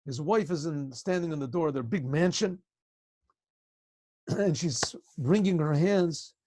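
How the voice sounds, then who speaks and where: A male rabbi telling a story to a class over a video call, conversational and often clearing his throat. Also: on the high side, unhurried, a little mellow, no echo.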